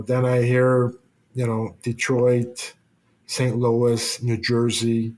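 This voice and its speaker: A man's voice: medium pitch, level tone, takes it slowly, darkish tone. A man, a former hockey player, telling a long casual anecdote in an interview, with restarts and the odd swear word.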